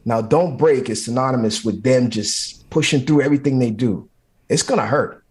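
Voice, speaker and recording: A man's voice: medium pitch, normal speed, darkish tone. A man, a firefighter guest in an interview, giving motivational talk in short, repeated, punchy phrases.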